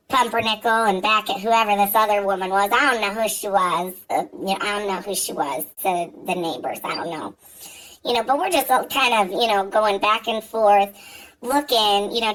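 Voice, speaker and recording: A woman vlogger with a bright, forward voice tells a neighborhood story straight to camera. She talks casually and swears freely, with lots of "you know" and "like" along the way. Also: medium pitch, poor audio. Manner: chatty, profane, full of fillers and asides.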